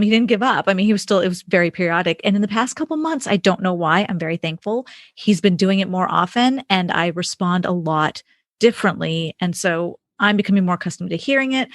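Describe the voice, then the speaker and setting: A woman's voice: on the low side, no echo. Woman, podcast co-host, chatty, storytelling, laughs easily, dry sound. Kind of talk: casual chat.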